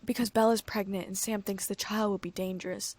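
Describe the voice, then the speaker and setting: A woman voicing a sorrowful young woman who speaks quietly and apologetically. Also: medium pitch, little pitch movement, a little fast, no room sound, lightly acted. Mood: somber. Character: sorrowful young woman breaking bad news.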